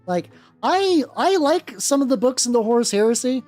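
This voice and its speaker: A woman's voice: sits high, expressive, normal speed, warm tone. A woman hosting a casual livestream while she paints, rambling with a lot of swearing and restarts. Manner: rambling, profane, many restarts. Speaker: streamer and host. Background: faint background music.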